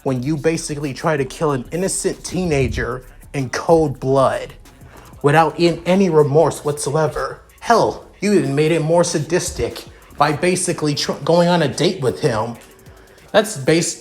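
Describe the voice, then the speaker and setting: A man as a blunt young prince, dry and hurried. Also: on the high side, darkish tone, faint music behind, pitched above the performer's own voice, natural voice. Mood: cold. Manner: dry, matter-of-fact, rushed.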